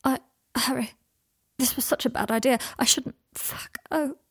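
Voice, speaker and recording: A woman voicing a proud, anxious young man who is sharp-tongued and defensive, with fierce, high-strung outbursts. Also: a little slow, slightly rough, no echo, clean studio sound, full character voice. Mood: anguished.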